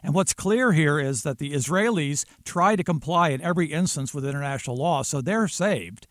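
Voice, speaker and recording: A man giving legal commentary on a talk radio show in a measured, explanatory way. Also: on the high side, lively intonation, fairly bright tone, no echo, clean studio sound. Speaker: legal analyst guest.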